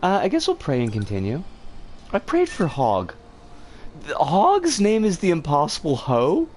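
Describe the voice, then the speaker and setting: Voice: medium pitch, huge pitch swings, measured pace, darkish tone, slight background noise. A streamer giving live gameplay commentary, swearing in exasperated outbursts. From United States. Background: game music.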